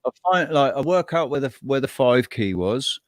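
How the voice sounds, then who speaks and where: A man's voice: mid-range voice, lively intonation, normal speed, no room sound, clean studio sound. A man co-hosting a casual chat, telling rambling, profane stories with many restarts. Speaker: co-host.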